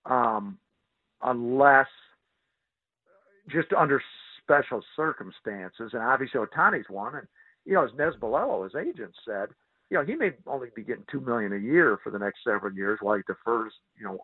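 A man's voice: mid-range voice, lively intonation, normal speed, slightly rough, no echo. Guy on a phone line, tinny and dry, rambling with lots of "you know"s. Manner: rambling, heavy on fillers and restarts. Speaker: guest sportswriter. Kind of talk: casual phone interview. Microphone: phone call.

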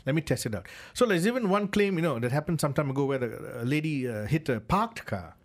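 Talking fast and expressively in a fairly high voice, a man who regularly co-presents a radio car show offers opinions from the studio. His casual chatter wanders, peppered with "you know" fillers.

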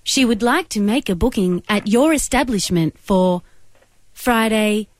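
A woman putting on a flat female automated phone system voice, speaking slowly and stiffly. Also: mid-range voice, no room sound, close to an everyday voice. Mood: stilted robotic. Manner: slow, stilted, evenly paced robotic delivery. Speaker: radio prank caller.

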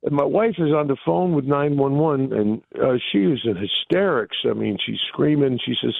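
A man, telling a story as a guest in a phone interview, excitable and booming. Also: moderate pace, vocal fry, hardly any pauses, no room sound. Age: 60s. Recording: tinny phone line.

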